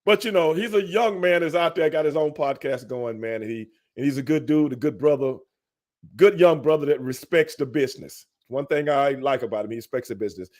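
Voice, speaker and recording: A relaxed man from Texas hosting a loose interview chat. He keeps tossing "man" and "you know what I'm saying" into his talk, and his voice sits a touch higher than most men's. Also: a little fast. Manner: laid-back, peppers talk with "man". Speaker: podcast host.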